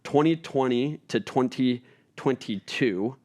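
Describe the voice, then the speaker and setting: A man's voice: mid-range voice, slow, darkish tone. Candid pastor talking with his wife. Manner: candid, storytelling, reflective. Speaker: pastor, podcast co-host. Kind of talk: casual conversation with his wife.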